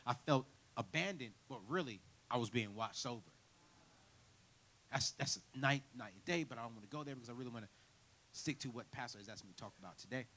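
A man preaching a sermon in church, telling his own story with big swings from quiet to near shouting. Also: medium pitch, brisk, slight background noise, rough recording. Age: 30s. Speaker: guest preacher. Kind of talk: sermon with personal testimony.

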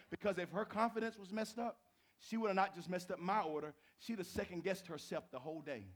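A middle-aged man preaching a sermon, telling stories with lively swings between loud and hushed. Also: high-pitched. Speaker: pastor. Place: church.

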